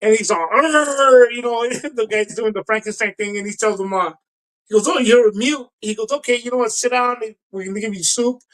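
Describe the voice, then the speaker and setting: Speaking a little fast in a mid-range voice, a podcast co-host casually tells the story of film scenes, acting out dialogue with animation and laughing a lot. The audio quality is poor.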